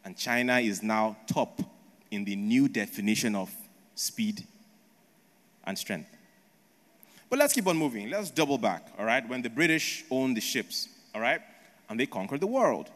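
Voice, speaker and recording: A male preacher delivering a sermon as a story, asking rhetorical questions and checking in with "right?" along the way. His voice sits at an ordinary male pitch, and the long reverb of a large hall trails behind every phrase. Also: animated, measured pace, long pauses, a bit bright.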